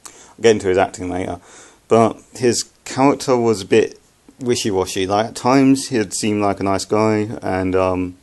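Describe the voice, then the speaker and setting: A young man with a low, gravelly voice talks through a film review in a loose, unscripted way. He stumbles, restarts and fills his pauses with ums as he talks. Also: darkish tone. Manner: halting, many fillers and restarts. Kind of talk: casual spoken film review.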